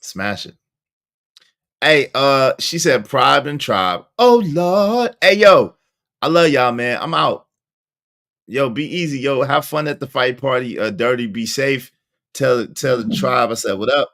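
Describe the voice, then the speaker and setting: A man's voice: mid-range voice, measured pace, pushed and bright, dry recording, clean studio sound. A man hosting a casual live-stream chat, joking and teasing his guests with frequent laughter. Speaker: show host.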